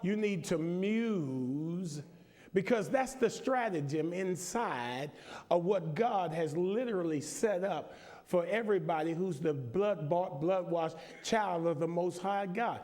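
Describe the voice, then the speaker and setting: A man's voice: high voice, unhurried, a little mellow. A middle-aged man preaching a sermon, leading call-and-response and joking with the congregation. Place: large church. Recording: long church reverb, congregation behind.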